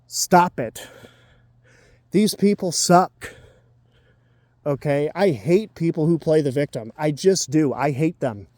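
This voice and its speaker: A man's voice: fairly high pitch, slow pace, long pauses, a little mellow, no room sound. A man in his twenties giving dating advice in a blunt, profane, ranting casual monologue. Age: 20s.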